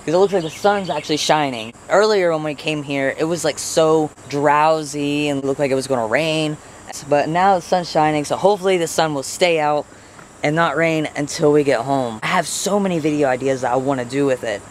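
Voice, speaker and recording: A man's voice: a little fast, a little hiss or hum. A young adult man vlogging outdoors by a house and garden, talking in a rambling, earnest way. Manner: rambling and earnest, voice jumps high when talking to pets. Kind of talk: casual vlog talk.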